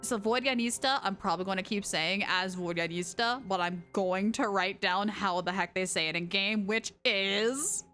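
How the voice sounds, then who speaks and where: A young woman streaming a video game, commenting casually, excitable and ranting, with lots of laughing and shrieking. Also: mid-range voice, moderate pace, hardly any pauses, faint music behind.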